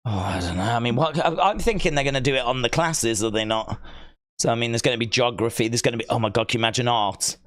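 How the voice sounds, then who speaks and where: A man hosting a wrestling watch-along live stream, chatting excitedly, reading viewer comments and often breaking into high, squealing shouts. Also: fast talker. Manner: giddy, jumps to squealing high shouts, rambling.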